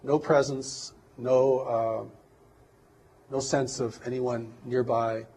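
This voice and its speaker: A man speaking as an interview guest, measured and reflective, often pausing and restarting his sentences. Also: medium pitch, level tone, dark tone, a little hiss or hum. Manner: measured, hesitant, with many restarts and fillers. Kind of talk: earnest reflective interview talk.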